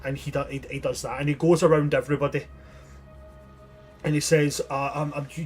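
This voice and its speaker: A man's voice: on the high side, level tone, a little fast, pauses often, husky, faint music behind. A man narrating a tabletop game as game master, descriptive and chatty with frequent restarts.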